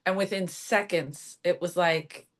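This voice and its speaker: A woman's voice: lowish voice, unhurried. A woman with a Philadelphia accent, a stand-up comedian guest telling stories in casual chat and acting out quoted lines. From Philadelphia area. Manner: brash, animated storyteller acting out quotes.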